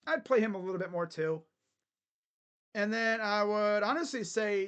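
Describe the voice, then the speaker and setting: Loud, crude young sports fan man. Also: sits high, normal speed, pauses often, clear, resonant tone, lo-fi sound. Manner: blunt, crude joking with loud bursts. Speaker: sports channel host. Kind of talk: casual live game reaction. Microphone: webcam setup.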